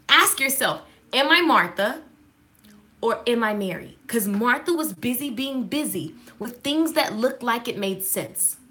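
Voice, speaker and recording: A woman giving a casual devotional talk, sassy and animated, calling out to listeners. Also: fairly high pitch. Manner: sassy, animated, call-and-response.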